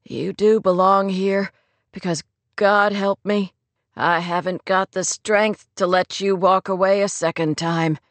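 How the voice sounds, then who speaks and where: A woman voicing an earnest young man in love, speaking low, subdued and a little husky. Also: steady tone, measured pace, no room sound, natural voice. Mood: tender.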